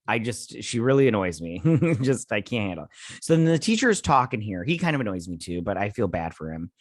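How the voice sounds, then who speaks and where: A man's voice: fairly low pitch, no room sound, clean studio sound. A man hosting a casual TV episode recap, rambling and paraphrasing scenes as he goes. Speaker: host.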